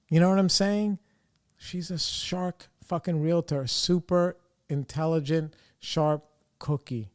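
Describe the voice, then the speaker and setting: On his podcast, a young male host recounts a frustrating episode in a loose, foul-mouthed style, quoting others in his own voice. He has a fairly high pitch and a clear, resonant tone.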